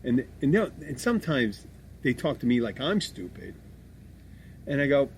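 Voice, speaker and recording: A middle-aged man co-hosting a podcast, chatting casually in a rambling, animated way and swearing freely. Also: mid-range voice, moderate pace, long pauses, slight background noise. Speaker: podcast co-host. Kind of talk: casual chat.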